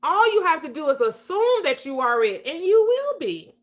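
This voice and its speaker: A woman's voice: very high voice, sing-song, normal speed. A woman hosting a livestream, giving a casual motivational talk with emphatic, preachy delivery and frequent laughter. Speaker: livestream host.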